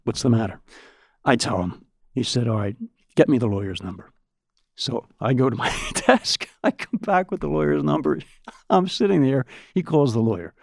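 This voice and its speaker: An older man, a podcast guest, telling long anecdotes in a lively way, acting out the voices of people he quotes and often repeating words. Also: medium pitch, normal speed, no echo, studio quality. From United States. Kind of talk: anecdotal storytelling.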